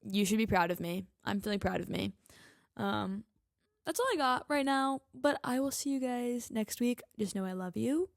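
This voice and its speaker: A woman's voice: a little high, lively intonation, normal speed, creaky, no echo, studio quality. A young adult woman hosting a casual solo podcast, chatty and candid, swearing freely and speaking straight to her listeners. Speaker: podcast host.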